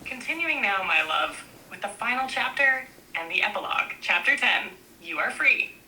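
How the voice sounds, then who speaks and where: A woman narrating a book aloud in a gentle, reassuring way, speaking in short, repeated affirmations. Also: mid-range voice, lively intonation, normal speed, slight background noise, rough recording.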